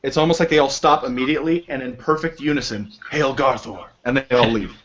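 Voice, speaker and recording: A man's voice: mid-range voice, quick pace. A man from New Mexico narrating a tabletop game as game master, in a laid-back, chuckling way. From New Mexico, United States. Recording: dull lo-fi sound.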